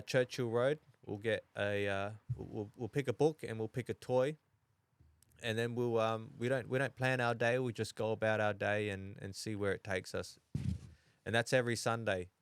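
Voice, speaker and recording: Hesitant Australian man, smooth low voice. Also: dry recording. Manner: halting, many restarts and fillers. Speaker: podcast guest. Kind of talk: casual chat.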